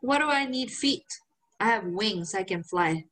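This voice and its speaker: In a casual podcast chat, a female co-host animatedly recounts a story, cursing and acting out what everyone said. Her voice is medium-pitched and she talks a little slowly.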